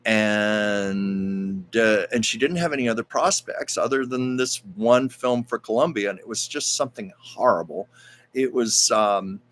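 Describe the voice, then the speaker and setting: A man's voice: on the low side, unhurried, fairly bright tone. A man hosting a live stream, telling stories in a chatty, rambling way and reading out viewer comments. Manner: chatty, rambling, with frequent fillers and asides.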